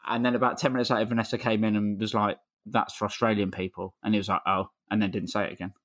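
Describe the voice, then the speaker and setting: A man's voice: fairly low pitch, little pitch movement, fast, a bit bright. A man co-hosting a casual football podcast, a laid-back storyteller who swears casually. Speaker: podcast co-host.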